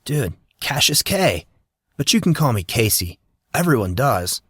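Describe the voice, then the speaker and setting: A man's voice: mid-range voice, very animated, measured pace, fairly bright tone, slightly rough, no echo, studio quality, voice pushed up, full character voice. A man voicing a cocky, teasing teenage boy with a brash, mocking way of talking. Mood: laid-back.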